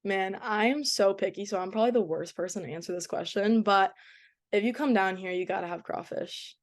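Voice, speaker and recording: Young woman, slight Boston accent, podcast guest, chatty, laughs a lot, mid-pitched. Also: a little fast. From Boston area. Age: young adult. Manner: chatty, laughs often, many fillers. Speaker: guest, college soccer goalkeeper. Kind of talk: casual interview chat.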